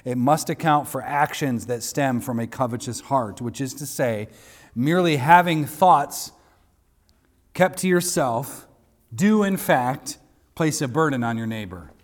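A man preaches with emphatic conviction, pressing his points and climbing to forceful peaks. His mid-range voice rings out with a long hall reverb trailing behind it. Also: mid-range voice, lively intonation, measured pace. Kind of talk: sermon.

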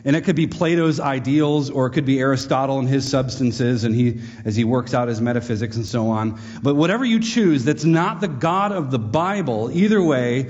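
A man's voice: mid-range voice, animated, normal speed, hardly any pauses, darkish tone. A man teaching a sermon to a live audience in a conversational way, with wry, joking asides. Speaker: preacher. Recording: echoey hall, dull lo-fi sound.

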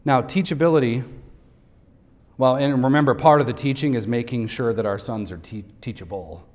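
A male pastor preaches in a church, mid-pitched and ordinary in tone. He hammers home each point by repeating it slowly for the note takers, with a dry joke now and then. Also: darkish tone. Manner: light humor aimed at the congregation. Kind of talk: Father's Day sermon. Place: church sanctuary.

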